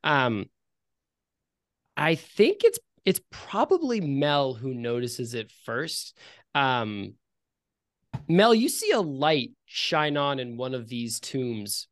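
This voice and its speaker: A woman narrating as game master, rambling and full of fillers. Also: a bass voice. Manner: rambling, hesitant, filler-heavy.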